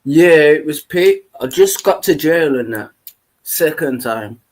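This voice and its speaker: A man's voice: on the high side, expressive, measured pace, darkish tone. A man casually telling a long story on a podcast, rambling and saying "you get me" constantly. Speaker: podcast host.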